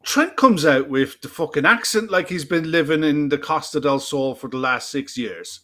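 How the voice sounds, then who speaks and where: A man's voice: fairly high pitch, expressive, normal speed, sharp tone. A man co-hosting a football podcast, talking bluntly and emphatically and swearing freely in casual chat. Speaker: podcast co-host.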